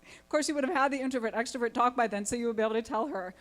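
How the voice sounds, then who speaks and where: A woman's voice: on the high side, racing. Woman giving a conference talk, bouncy voice, keeps asking the crowd stuff. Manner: animated, asks the audience many questions. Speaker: conference speaker, family therapist. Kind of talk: lively conference talk to an audience. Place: conference hall.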